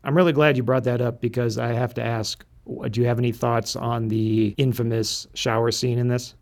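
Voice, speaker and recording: A man's voice: medium pitch, little pitch movement, moderate pace. A man co-hosting a podcast, chatting casually, asking questions with dry teasing. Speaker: podcast co-host. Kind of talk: casual chat.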